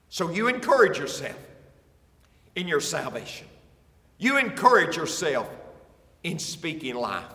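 Animated pastor preaching in an echoey hall. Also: male voice, fairly high pitch, recorded from a distance. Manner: animated preaching with stammered restarts and chuckles. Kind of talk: sermon. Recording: echoey hall with long reverb.

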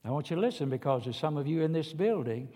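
A pastor preaches to his congregation in a folksy, emphatic way. His voice sits slightly high for a man. It carries a long reverb from the church. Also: lively intonation, quick pace, dark tone. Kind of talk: sermon.

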